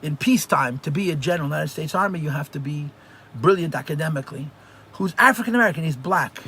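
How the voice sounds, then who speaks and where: A man, a rabbi, teaching a live religious class and telling stories in an animated way, often repeating phrases for emphasis. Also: on the high side, fast talker, slight background noise.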